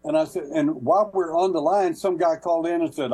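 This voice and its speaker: Man, radio guest, husky voice, folksy anecdotes, hesitant, mains hum. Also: a little high, brisk, dark tone, poor audio. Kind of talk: casual call-in radio storytelling.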